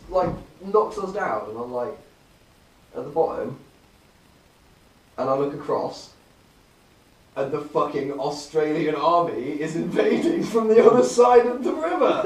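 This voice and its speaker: A man's voice: mid-range voice, darkish tone. A young man in casual chat, telling a long story with plenty of swearing. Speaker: podcast co-host. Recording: roomy, far from the mic.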